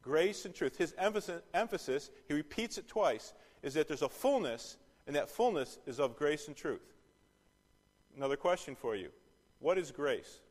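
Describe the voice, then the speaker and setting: Bible teacher in a reverberant hall. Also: male voice, on the high side, lively intonation, normal speed. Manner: questions the class and repeats key phrases. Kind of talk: interactive Bible study teaching.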